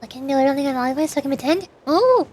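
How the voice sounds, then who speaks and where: A woman with a notably high voice talks casually to her viewers during a game stream. Her delivery is playful and chatty, drifting between commentary and banter with her audience. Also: steady tone, racing, dark tone. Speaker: VTuber streamer. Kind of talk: casual gaming stream chat.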